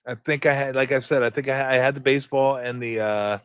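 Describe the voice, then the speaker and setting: Animated man reminiscing, dry sound. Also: medium pitch, fairly quick, clean tone, no room sound. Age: 50s. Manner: animated storytelling, mimics game sound effects. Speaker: sports radio host. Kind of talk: casual radio talk.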